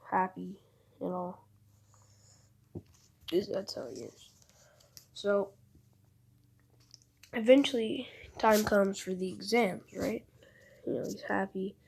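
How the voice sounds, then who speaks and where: Slow, husky woman telling a rambling story. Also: mid-range voice, a little mellow. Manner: rambling, retells dialogue with "he's like". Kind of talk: casual fan-story narration.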